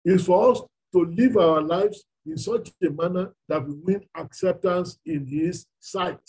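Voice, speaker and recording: A man's voice: sits high, a little slow, darkish tone, a little hiss or hum, poor audio. A man with a Nigerian accent preaching a sermon, emphatic and full of rhetorical questions.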